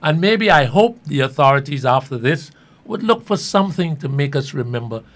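A man's voice: on the high side, expressive, normal speed. A man hosting an interview, asking earnest, leading questions. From Guyana. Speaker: radio host.

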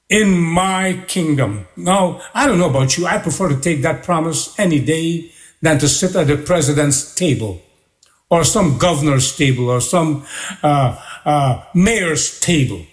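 A pastor preaching a sermon, building his points through repeated rhythmic phrases. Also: on the high side.

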